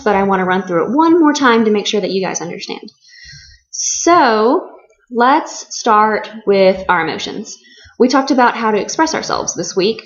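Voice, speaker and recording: Slow, deliberate young woman teacher. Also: mid-range voice. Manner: slow and deliberate, stretching key words for learners. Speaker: ESL teacher. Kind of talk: slow, clear classroom explanation. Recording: slightly muffled lo-fi recording.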